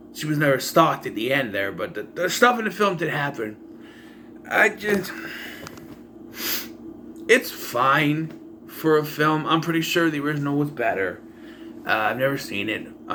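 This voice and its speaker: A man's voice: fairly high pitch, bright, forceful tone, a little hiss or hum. A young man casually reviewing a movie in a rambling, sarcastic way, often restarting his sentences.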